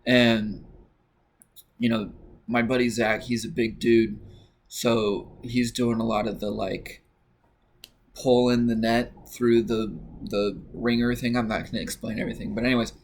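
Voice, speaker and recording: A man's voice: mid-range voice, unhurried. Casual young man telling a story. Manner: relaxed, rambling with many fillers.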